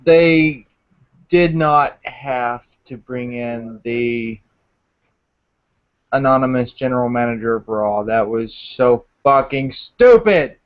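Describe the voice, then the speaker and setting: Slow-talking exasperated man, lo-fi sound. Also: mid-range voice, expressive. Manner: exasperated, profane complaining. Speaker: panelist. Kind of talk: casual panel review. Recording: dull lo-fi audio.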